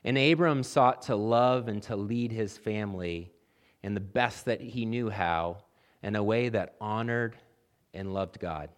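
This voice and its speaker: A man with a somewhat low voice preaches a sermon as pastor. He builds emphasis through repeated phrases and speaks directly to his listeners. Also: unhurried.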